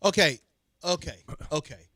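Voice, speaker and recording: A man's voice: a little high, a little slow, bright, forceful tone, no echo, clean studio sound. A middle-aged man co-hosting a sports radio show, rambling playfully through speculative tangents in casual banter.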